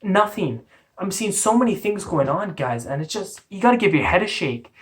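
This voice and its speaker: A woman's voice: on the low side, very animated, normal speed. A woman from Canada, delivering a profane, exasperated, blunt rant on her vlog. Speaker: vlogger. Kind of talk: ranting commentary vlog.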